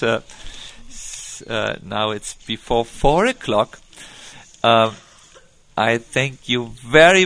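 A man giving a devotional talk as a spiritual teacher, slow and gentle, with many pauses and fillers. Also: mid-range voice, creaky, no room sound.

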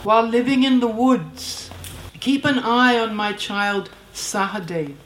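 A woman's voice: on the high side, unhurried, slight background noise, close to an everyday voice. A woman voicing a tender, grieving elderly queen mother who speaks in a formal, archaic way. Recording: roomy echo.

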